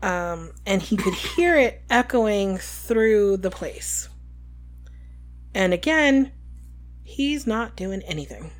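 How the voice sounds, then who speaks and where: A woman's voice: medium pitch, lively intonation, slow pace. A woman co-hosting a podcast, casually recapping a book chapter with lots of ums. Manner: retells scenes with filler ums and quoted lines. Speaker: podcast co-host.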